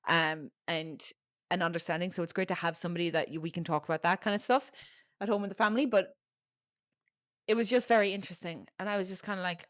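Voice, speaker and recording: A woman's voice: lowish voice, dry recording, clean studio sound. A young adult woman with an Irish accent, hosting a podcast and telling a personal family story in a chatty, frank way, with lots of fillers and the odd swear word. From Ireland. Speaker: podcast host.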